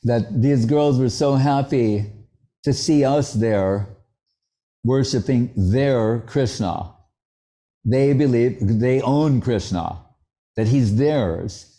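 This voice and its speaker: A man's voice: medium pitch, slow, warm tone. A man giving a devotional lecture in a conversational, anecdotal way, with playful asides. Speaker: spiritual teacher.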